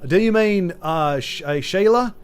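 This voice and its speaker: A man's voice: sits high, expressive, unhurried, clear, resonant tone. A man streaming a video game, joking and rambling as he chats with his viewers. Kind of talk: casual gaming commentary. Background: faint game music.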